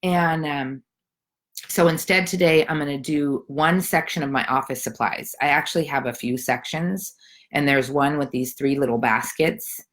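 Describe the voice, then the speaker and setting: Very low-voiced chatty woman host. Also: moderate pace. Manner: chatty, encouraging, rambling with fillers. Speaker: challenge host. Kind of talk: casual live video talk. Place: home.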